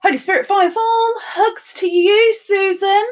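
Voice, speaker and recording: Woman, high voice, bubbly live stream host, tired, chatty, greets viewers. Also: steady tone, unhurried, lo-fi sound.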